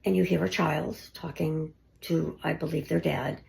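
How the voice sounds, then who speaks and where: A woman investigating the paranormal, talking casually through her recordings and often dropping to a hushed near-whisper. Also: deep voice, steady tone, moderate pace, creaky. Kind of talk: casual narration of ghost-hunt recordings.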